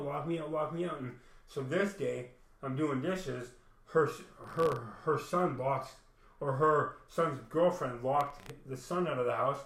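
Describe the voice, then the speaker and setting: A man's voice: medium pitch, fairly bright tone. Rambling, profane man telling his story. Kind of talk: personal storytelling. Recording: echoey room.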